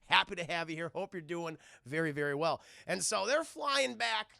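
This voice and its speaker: Gravelly, bright-voiced male streamer. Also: high voice, normal speed, dry recording. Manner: animated, profane, talks to chat. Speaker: streamer reviewing a cartoon. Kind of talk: casual live-stream commentary.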